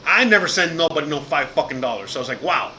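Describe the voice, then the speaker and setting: A man speaking to his viewers in a loose, rambling monologue, with a bright, forceful edge to his voice. He swears often and keeps circling back with "you know what I mean". A faint hiss of noise sits under the recording. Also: on the high side, animated, quick pace. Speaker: channel host.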